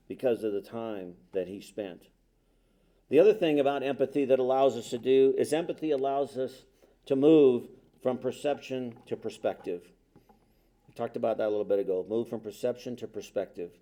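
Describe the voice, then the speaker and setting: A man's voice: medium pitch, normal speed, warm tone. A middle-aged man giving a talk, telling a personal story in a conversational, self-deprecating way with quoted dialogue. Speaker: speaker.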